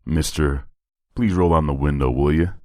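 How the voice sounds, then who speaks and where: A man's voice: rumbling low, moderate pace, mellow, no echo, studio quality. A man voicing a tall, beefy, smirking police officer with a thick Georgia accent. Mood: menacing.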